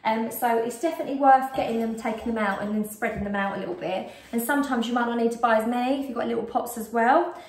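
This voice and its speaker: A woman's voice: a little high, steady tone, fast talker, few pauses, a little hiss or hum. A British woman vlogging a casual shopping haul at home, chatty and rambling with frequent ums, a bit out of breath. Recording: roomy echo, distant mic.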